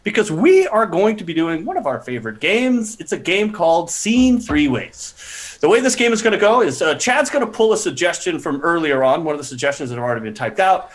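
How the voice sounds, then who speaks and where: A man's voice: a little high, big pitch swings, a little fast. A man hosting a live-streamed improv comedy show, rambling and jokey as he sets up games.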